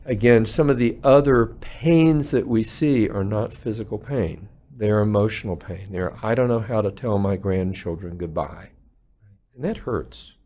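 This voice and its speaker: Earnest low-voiced doctor telling stories. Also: male voice, a little mellow. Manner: earnest storyteller, voices patients' words. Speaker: palliative care physician, podcast guest. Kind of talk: conversational interview.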